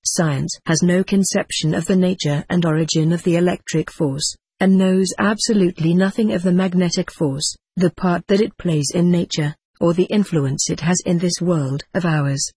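Husky woman narrating an old book. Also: on the low side, steady tone, mellow, dry recording. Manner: measured, formal reading. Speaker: audiobook narrator. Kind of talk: scripted narration.

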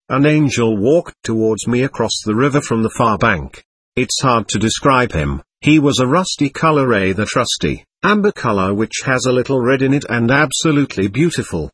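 A man reading a first-person memoir aloud in a gentle, measured storytelling voice. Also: mid-range voice, lively intonation, husky, no echo. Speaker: audiobook narrator.

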